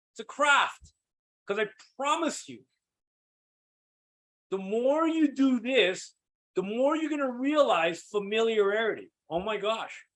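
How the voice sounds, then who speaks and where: A man leading a live sales coaching session, energetic and checking in with his listeners as he acts out sample calls. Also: very high-pitched. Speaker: sales team trainer.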